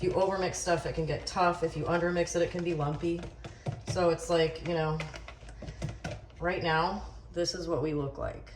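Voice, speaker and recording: A woman hosting a casual cooking video in her home kitchen, chatty and joking at her own expense. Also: deep voice. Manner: chatty, joking, self-deprecating. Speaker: cooking channel host. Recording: echoey kitchen, distant mic, background noise.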